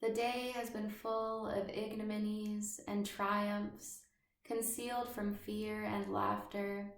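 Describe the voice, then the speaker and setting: A woman voicing a brooding schoolboy who feels like an outsider, reading in a measured, even way. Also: medium pitch. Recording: roomy echo.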